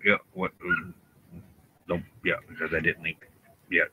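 Laid-back, bright-voiced man chatting outdoors. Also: deep voice, little pitch movement, unhurried, slightly rough, poor audio. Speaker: co-host of a travel live stream. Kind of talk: casual chat.

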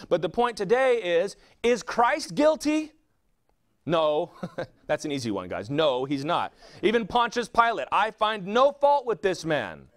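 Male pastor, sermon delivery, a high voice that swings widely, fires off rhetorical questions. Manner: preaching with rhetorical questions and quick answers.

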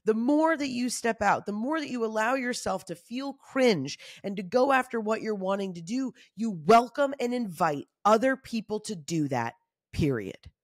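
A woman in her thirties hosting a motivational solo talk, candid, casual and animated, often saying y'all. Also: fairly high pitch, normal speed, dry recording, studio quality. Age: 30s. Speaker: podcast host.

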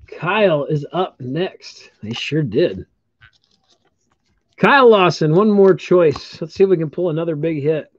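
Calling out every card he pulls, this man runs a live-streamed trading card break and cheerfully congratulates the viewers who own them. He speaks a little slowly, with an expressive voice on the high side, over dull lo-fi stream audio.

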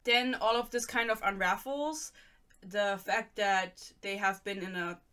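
Ranting young German woman, bright voice. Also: medium pitch, steady tone, a little slow, smooth. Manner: sarcastic, ranting, reads excerpts aloud. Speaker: book reviewer. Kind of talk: casual rant.

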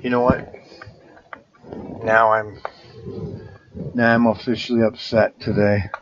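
Talking casually to the camera, a man who runs a toy shop mutters and sighs to himself in frustration. His voice is fairly low, with little pitch movement and a slow pace. The recording is dull and lo-fi, with background noise.

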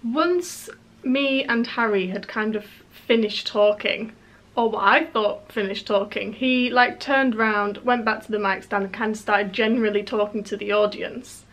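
A young woman from England chatting excitedly in a storytime vlog, full of fillers and restarts. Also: medium pitch, normal speed, poor audio. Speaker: YouTuber.

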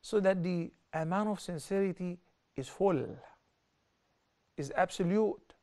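A middle-aged man explains scripture in a televised religious lesson. His voice sits a little high. He talks earnestly and lifts sharply in pitch and volume to stress his points. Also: measured pace. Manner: lively, with sharp rises in pitch and loudness for stress. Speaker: religious teacher.

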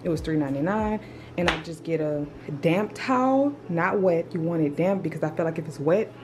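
An animated woman of thirty talks straight to her viewers in a casual home vlog. Her voice sits a little low. The room sounds roomy, with music under her. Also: a little fast. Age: 30s. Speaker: lifestyle vlogger. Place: apartment room. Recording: roomy echo with music behind.

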